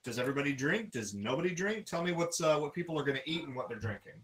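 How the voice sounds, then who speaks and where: A man running a tabletop role-playing game, describing scenes in an unhurried way with frequent fillers. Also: on the high side, lively intonation, fairly bright tone, rough recording. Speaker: game master.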